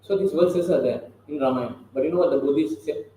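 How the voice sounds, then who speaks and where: A conversational scripture lecture comes from a man with a fairly high, dark-toned voice and a quick pace, who keeps posing rhetorical questions to his listeners. The recording is very echoey, with faint background noise.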